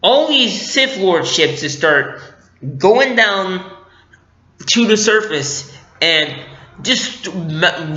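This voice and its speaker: A man's voice: high-pitched, sharp tone. A man giving a casual, rambling movie review with lots of filler words, recorded on a dull lo-fi mic in an echoey room.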